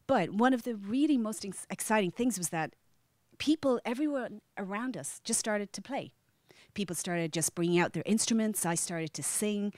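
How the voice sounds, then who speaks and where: An Irish woman tells a personal story to a live audience, lively and chatty, with frequent restarts as she goes. Her pitch sits mid-range. The sound is dry and close, with little room around her. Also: moderate pace, no room sound. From Ireland. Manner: animated, with frequent restarts and acted-out quotes. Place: media center storytelling event.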